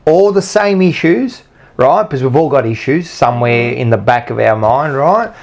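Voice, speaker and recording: A man's voice: medium pitch, lively intonation, moderate pace, vocal fry. A man co-hosting a podcast, talking in a loose, rambling way and often checking in with "you know what I mean". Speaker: podcast co-host. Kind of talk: casual chat.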